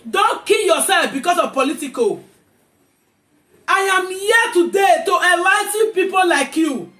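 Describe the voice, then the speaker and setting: A woman with a Nigerian accent, ranting angrily in a vlog, repeating herself and often shouting. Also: very high voice, lively intonation, a little slow, roomy sound. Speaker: vlogger. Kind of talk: angry rant to camera.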